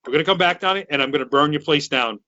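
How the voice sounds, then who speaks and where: Man, thirties, from Massachusetts, loud rambling storyteller, forceful bright voice, dry dull lo-fi sound. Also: a little high, quick pace, no echo. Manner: loud, excitable, rambling with restarts. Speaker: podcast co-host. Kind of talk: casual storytelling chat.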